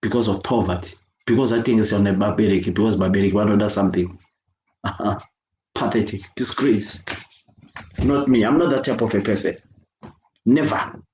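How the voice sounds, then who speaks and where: A man's voice: fairly low pitch, moderate pace, pauses often, a little mellow, reverberant, a little hiss or hum, poor audio. A Zimbabwean man speaking out in an impassioned video rant, angry and emphatic, repeating himself as he condemns what he has seen. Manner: angry, emphatic, repetitive, switching between English and Shona. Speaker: children's worker speaking out.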